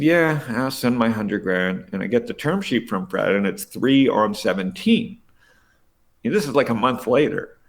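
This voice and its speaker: A middle-aged man, a venture investor, telling stories casually in an interview, animated and profane, acting out the people he quotes. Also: lowish voice, vocal fry.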